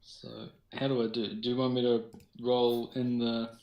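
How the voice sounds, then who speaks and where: A New Zealand-accented man plays a tabletop game casually, sounding unsure and hesitant as he works out his rolls, often trailing off mid-sentence. His mid-range voice has little pitch movement and a normal pace, and the lo-fi sound comes from an echoey room.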